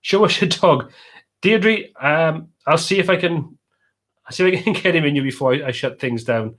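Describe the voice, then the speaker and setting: A man's voice: fairly high pitch, moderate pace, fairly bright tone. A man with a Welsh accent, casually chatting as host of a live stream and reading out viewers' comments.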